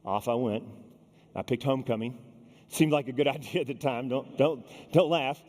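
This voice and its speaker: A man at a conference lectern tells stories in a lively, personal keynote and slips into the voices of the people he quotes. His voice sits at an ordinary middle pitch. A long hall reverb trails each phrase. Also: normal speed. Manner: animated, addresses the audience directly and acts out quoted people. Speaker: keynote speaker. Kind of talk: storytelling keynote speech.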